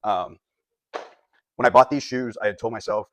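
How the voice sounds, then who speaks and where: A man's voice: lowish voice, moderate pace, a bit bright, slight background noise. A young man, a competitive bodybuilder, talking earnestly to camera in a reflective vlog and often correcting himself mid-sentence.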